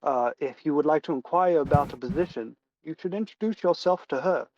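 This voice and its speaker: A man's voice: on the high side, brisk, darkish tone, lo-fi sound, slight background noise, natural voice. A man doing a hesitant polite student.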